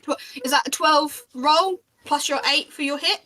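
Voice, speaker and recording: A woman's voice: high voice, normal speed, pushed and bright. A woman narrating as game master of a tabletop game, in a chatty, descriptive way with small restarts.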